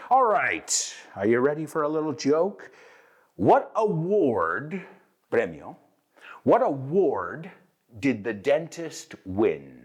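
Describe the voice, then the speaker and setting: With a mid-range voice, this male host teaches English bilingually, alternating Spanish and English. He explains energetically and performs the sample lines himself.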